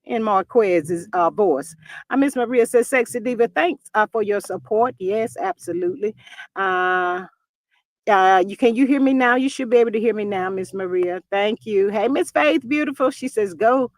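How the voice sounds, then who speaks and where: A woman's voice: mid-range voice, moderate pace, dry recording. A woman hosting a livestream, chatting casually and playfully while reading out names from her chat. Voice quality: animated, playful. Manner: chatty, folksy, reads chat names aloud. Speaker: livestream host.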